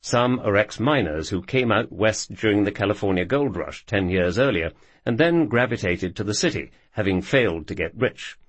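A man narrating a scripted story with measured storytelling delivery. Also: fairly low pitch, no echo.

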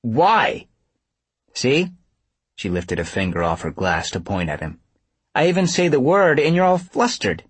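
A man reading a novel aloud, voicing a wry, teasing young woman with a lifted, lively voice. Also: medium pitch, unhurried, pauses often, husky, no room sound.

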